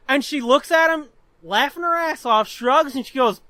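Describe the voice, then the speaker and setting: A man in his twenties co-hosting a podcast, telling stories in an animated, profane way and laughing often. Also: very high voice, measured pace, dry recording. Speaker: podcast co-host. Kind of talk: casual chat, storytelling.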